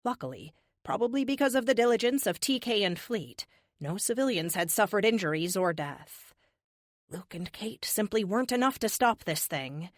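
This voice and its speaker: A woman reads an action audiobook in a lively, expressive voice with plenty of pitch movement. The recording is dry and close, with no room sound. Her pitch sits in a middle range. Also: dry recording. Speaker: audiobook narrator. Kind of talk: scripted narration.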